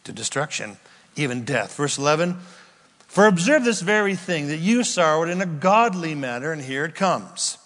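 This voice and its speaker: Slow, emphatic preacher in a hall. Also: male voice, on the high side, big pitch swings, a bit bright. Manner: emphatic, drawn-out stresses on key words. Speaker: pastor. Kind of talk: sermon. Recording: long reverb of a large hall.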